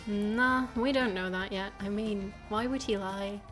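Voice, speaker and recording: A woman's voice: mid-range voice, a little slow, a bit bright, soft background music, natural voice. A woman voicing a loyal, upbeat male police subordinate in a game reading. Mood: encouraging.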